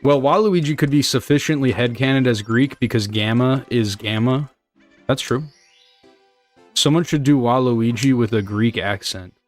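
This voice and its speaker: While speedrunning, a young male streamer chats loosely with his viewers, joking, rambling and tossing in casual swearing as he reads their messages. His voice sits at medium pitch at a normal speed, with soft background music.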